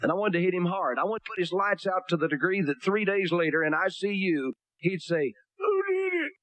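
A male preacher with a high-pitched voice, delivering a blunt, folksy sermon full of homespun jokes. He reads King James scripture aloud between his asides. The sound is close and dry, with almost no room echo. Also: a little fast, a bit bright. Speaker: pastor.

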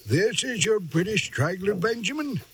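A kindly older country doctor in a radio drama, with a fairly high voice that moves freely. He soothes and calms with old-fashioned turns of phrase. A faint hiss sits underneath. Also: moderate pace.

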